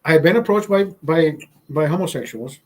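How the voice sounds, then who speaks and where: A man tells a story in a casual, profane way, his voice sitting a bit higher than most men's. He jumps into the voices of the people he quotes as he goes. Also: normal speed, rough recording. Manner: profane, animated, acts out quotes. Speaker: host.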